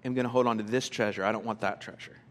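A man's voice: lowish voice, steady tone, racing, voice pushed down, natural voice. Man playing a stubborn rich young guy, dismissive and grudging, clinging to his stuff.

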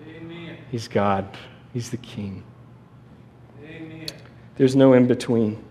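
A man preaching a sermon in a conversational, animated way, with restarts and asides. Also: mid-range voice, takes it slowly. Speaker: pastor.

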